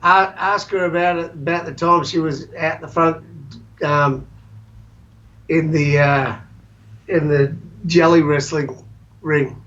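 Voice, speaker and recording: An Australian musician, a guest on a podcast, telling stories in a slow, halting way with many pauses. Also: male voice, fairly high pitch, steady tone, fairly bright tone, dull audio. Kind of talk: casual chat.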